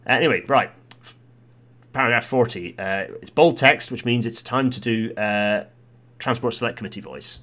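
Animated Scottish man reading aloud. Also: medium pitch, normal speed. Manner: animated, exclamatory, reads viewer comments aloud. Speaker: livestream commentator on transport policy. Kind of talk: live commentary reading a report aloud.

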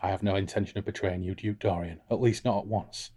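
A seductive, scheming noblewoman, read aloud by a man. The voice sits low and soft, with no attempt at a falsetto. It is an unhurried audiobook-style reading inside a book chat. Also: fairly even intonation, slightly rough.

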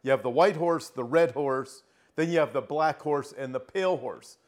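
A middle-aged man preaching an earnest prophecy sermon, slowing down and rising in pitch as he reads scripture aloud. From Southern California. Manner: earnest, emphatic, slows down and rises when reading scripture.

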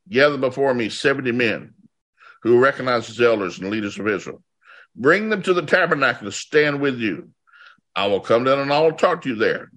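A man's voice: mid-range voice, fairly bright tone. A man preaching a sermon, reading scripture aloud and animatedly voicing the people's complaints. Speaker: pastor.

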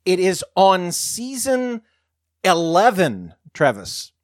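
A man's voice: high-pitched, wildly swooping pitch, slow pace, no room sound, clean studio sound. A man co-hosting a podcast, trading crude, wry jokes in casual chat. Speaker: podcast co-host.

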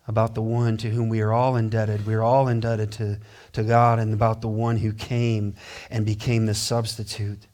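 A male pastor preaching a sermon, animated, acting out quoted voices and swinging from loud declarations to hushed, low passages.

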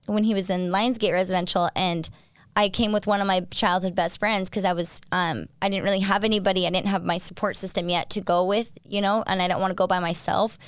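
Smooth-voiced woman telling a story. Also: medium pitch, brisk, no room sound, studio quality. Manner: animated storytelling, acts out quotes. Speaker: guest sharing recovery story. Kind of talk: casual conversation.

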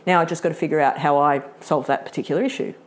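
A woman's voice: low-pitched, quick pace. A middle-aged woman presenting a live workshop, chatty, laughing often and acting out what people say.

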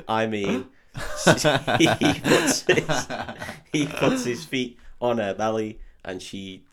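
A man's voice: mid-range voice, drawn-out words, crowd noise. A man, co-hosting a podcast and recapping a film in casual, sweary chat, often laughing. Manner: sweary, laughing, animated retelling. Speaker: podcast co-host.

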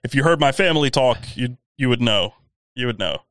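A man's voice: mid-range voice, animated, a little fast, fairly bright tone, dry recording. A man with a faint Southern US accent, ranting animatedly in a casual podcast chat and swearing freely. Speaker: podcast co-host.

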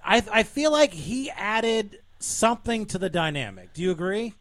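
A man's voice: high voice, sing-song, moderate pace, fairly bright tone, dry recording. A man hosting a podcast, asking his guests teasing questions. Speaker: podcast host. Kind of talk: casual chat.

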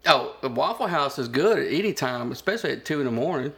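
A man co-hosts a casual podcast in wry, teasing banter. His voice is gravelly with heavy fry, pitched in the middle for a man, and he swears freely. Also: expressive, fast talker, fairly bright tone. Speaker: podcast co-host. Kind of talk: casual chat.

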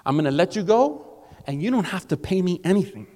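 Man doing a forgiving king, grand and magnanimous, raised pitch, long reverb. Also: big pitch swings, a little fast, dark tone. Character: powerful king, softened and forgiving.

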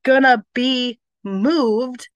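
A woman co-hosting a casual faith podcast, talking with animated enthusiasm. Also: on the high side, drawn-out words, lo-fi sound. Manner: animated, enthusiastic, laughs easily. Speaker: podcast co-host.

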